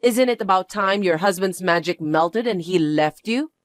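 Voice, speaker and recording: A woman's voice: lowish voice, moderate pace, dry recording, faint music behind, voice pushed down, lightly acted. A woman voicing a spoiled, boastful young stepsister who talks in a condescending, whiny and demanding way. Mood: smug, bratty. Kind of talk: dramatized story reading.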